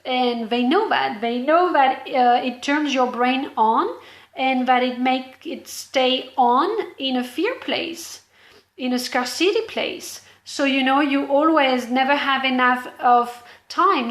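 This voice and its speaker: A woman's voice: high voice, a bit bright, reverberant. A woman business coach giving an earnest, explanatory motivational talk straight to the viewer.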